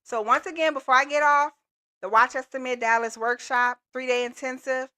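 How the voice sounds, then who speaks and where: A woman's voice: sits high, steady tone, fairly quick, pushed and bright. A woman hosting a live call-in coaching stream, talking in an upbeat, motivational and casual slangy way. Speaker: business coach and livestream host. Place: Texas.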